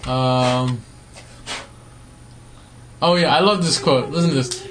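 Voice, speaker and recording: A young man co-hosting a casual podcast, teasing his friends in quick bursts and reading news quotes aloud. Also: medium pitch, a bit bright. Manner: playful, exasperated, quick bursts. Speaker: podcast co-host.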